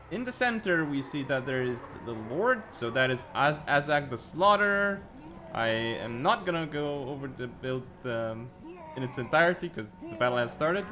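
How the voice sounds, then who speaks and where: A man's voice: mid-range voice, pushed and bright. A man hosting and casting a strategy game tournament, casual and chuckling as he lists unit builds. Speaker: host and caster. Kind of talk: esports game commentary. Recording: faint background noise.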